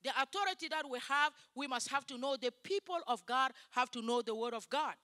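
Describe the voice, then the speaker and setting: Emphatic high-voiced woman preaching. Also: fairly quick, bright, forceful tone, no echo, clean studio sound. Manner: emphatic, in broken English. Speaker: guest preacher. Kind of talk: sermon.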